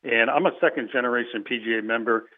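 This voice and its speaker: A man's voice: mid-range voice, fairly even intonation, fast. A man with a Boston accent, calling in as a guest and chatting in an upbeat, emphatic way about his business. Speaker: golf business founder, guest. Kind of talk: casual phone-in chat. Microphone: phone. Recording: tinny phone line.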